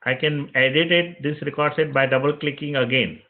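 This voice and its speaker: Instructor, male, fairly high voice, walks through each click of a screen tutorial; thin phone-quality sound. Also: fairly even intonation, a little fast. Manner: step-by-step narration of clicks, repeats phrases. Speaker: web development instructor. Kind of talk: screen-recorded software tutorial. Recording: tinny phone-like audio.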